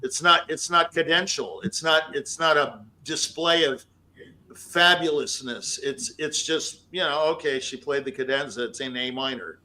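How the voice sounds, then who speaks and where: Man, pianist on an audition panel, high-ish bright voice, emphatic coaching with scatted melodies. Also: measured pace, poor audio. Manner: emphatic, scats melodies aloud. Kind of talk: spoken feedback to a performer.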